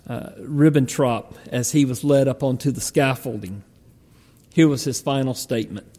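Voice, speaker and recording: A man preaching a sermon as a story, halting often with ums and uhs. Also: mid-range voice, mellow. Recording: long hall reverb.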